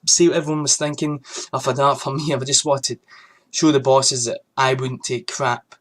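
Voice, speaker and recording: A young man rants into the camera, heated and profane, voice pitched a touch high for a man. He swears freely and presses each point hard. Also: fairly bright tone. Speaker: vlogger. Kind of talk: angry ranting monologue.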